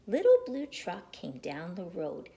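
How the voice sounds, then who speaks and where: A woman reads a picture book aloud to young children, unhurried and in a sing-song manner. Her pitch swoops up and down a lot, and she takes her time over every line. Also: creaky. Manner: slow, animated, sing-song reading. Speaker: storyteller reading aloud to children.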